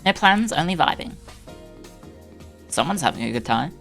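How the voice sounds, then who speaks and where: A woman with a low voice hosts a live stream in a casual, chatty way. She greets her viewers one by one and laughs easily. Faint music plays underneath. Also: very animated, moderate pace, gravelly, a bit bright.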